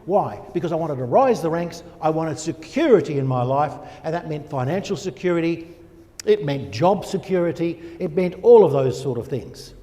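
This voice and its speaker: An older man gives an animated personal testimony, firing rhetorical questions and answering them himself. His voice sits fairly high for a man, and a long reverb of a church hall trails each phrase. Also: moderate pace. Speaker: guest speaker.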